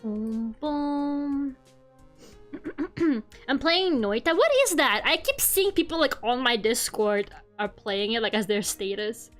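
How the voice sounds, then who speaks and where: A young woman with a high voice chats to her stream chat, self-mocking and quick to laugh. Quiet music plays faintly behind her. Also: animated. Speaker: VTuber streamer.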